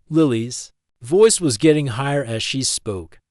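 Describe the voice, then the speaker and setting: Guy reading a story out, steady and even, mid pitch, dry close sound. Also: unhurried, no room sound. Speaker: story narrator. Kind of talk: scripted narration.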